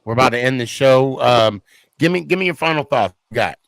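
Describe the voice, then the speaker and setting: A man's voice: medium pitch, animated, brisk, dry recording. Laid-back man hosting a podcast. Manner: laid-back, slangy, thanks guests warmly. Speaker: podcast host. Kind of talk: casual call-in chat.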